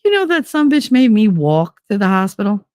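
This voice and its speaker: A woman in her forties chats through personal stories in a loose, casual way. She acts out the other people's lines, leaping up in pitch for each one. Her voice sits in a middle register and is recorded dry and close. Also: normal speed, no echo. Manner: animated, acts out quotes with big pitch jumps. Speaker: podcast host. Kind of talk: casual storytelling monologue.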